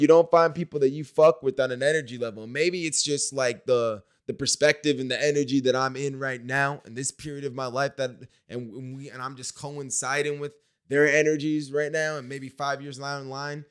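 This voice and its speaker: A man's voice: medium pitch, smooth. A young man from Wisconsin talking casually to his camera in a diary-style vlog, rambling in slang and filling his talk with "like" and "you know". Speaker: vlogger.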